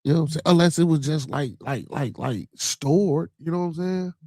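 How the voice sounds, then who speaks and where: A man's voice: a little high, normal speed, a little mellow, no echo. A man with a Chicago accent hosting a podcast in loose, streetwise casual chat, full of "you know what I'm saying" fillers and swearing. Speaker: podcast host. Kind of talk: casual podcast chat reacting to news and live comments.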